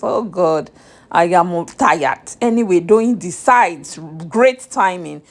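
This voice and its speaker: A young Nigerian woman vlogging a chatty, exasperated recap of a reality show straight to her viewers. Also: fairly low pitch.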